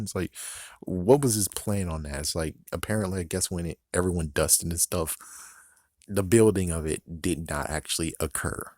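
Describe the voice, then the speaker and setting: A man from the United States talks through a show in a loose, rambling, swear-heavy commentary, laughing and correcting himself as he goes. His voice sits very low. The recording is dry and close, with no room sound. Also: normal speed, darkish tone, no room sound. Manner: rambling, profane, frequent laughs and self-corrections. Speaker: YouTube commentator. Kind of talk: casual reaction commentary.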